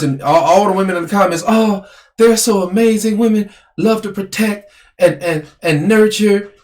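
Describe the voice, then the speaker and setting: Animated man with a high, slightly hoarse voice. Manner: animated, complaining, repeats himself. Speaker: podcast co-host. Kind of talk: casual argumentative chat.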